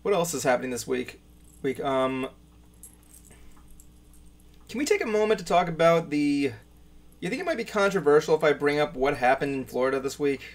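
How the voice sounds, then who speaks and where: A man's voice: on the high side, lively intonation, moderate pace, pauses often. A man hosting a casual livestream chat, rambling and chatty, trailing off with fillers. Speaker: podcast host.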